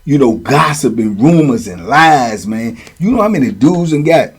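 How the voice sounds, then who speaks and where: A man's voice: medium pitch, big pitch swings, moderate pace, slightly rough. A man hosting and telling prison stories in a casual, streetwise way, full of slang and check-ins with the listener. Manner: streetwise slang, frequent "you know what I'm saying". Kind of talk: casual storytelling monologue.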